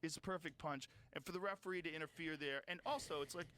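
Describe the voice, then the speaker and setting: Brief: emphatic, profane male podcast host, slightly high voice, faint room noise. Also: fast, bright, forceful tone. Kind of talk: casual chat.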